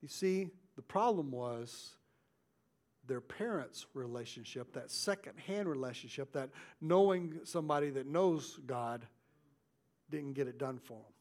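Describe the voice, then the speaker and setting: A male pastor delivers a sermon at a measured pace in a medium-pitched, animated voice. His delivery swings between loud, stressed lines and hushed, intimate asides.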